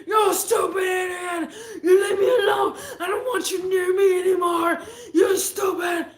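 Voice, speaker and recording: A woman shouting as a furious neighbor man. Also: very high voice, level tone, measured pace, roomy sound, voice pushed up. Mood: angry yelling. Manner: yelling, insulting.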